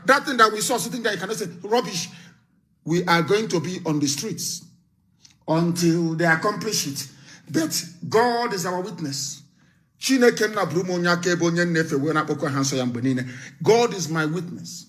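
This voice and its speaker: A man with a Nigerian accent giving an impassioned live broadcast address. He sounds fiery and scornful, repeats phrases for emphasis and bursts into shouting. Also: sits high, animated, moderate pace. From southeastern Nigeria. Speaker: activist leader.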